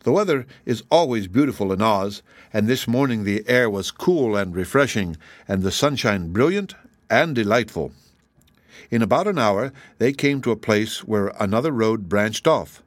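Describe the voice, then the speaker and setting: A man with a fairly low voice narrates an audiobook, telling the story expressively at a normal pace. There's no echo.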